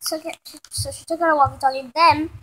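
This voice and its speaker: High-voiced woman rambling through a story. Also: steady tone, fairly quick, pushed and bright. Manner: rambling, restarting, self-correcting. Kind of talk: improvised spoken story.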